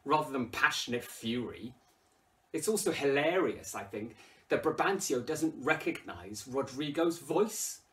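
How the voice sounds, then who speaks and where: This English literature teacher has a mid-range voice and an unhurried delivery, recorded at a distance from the mic. With an English accent, he talks through a play and bursts into loud, emphatic readings of the quoted lines.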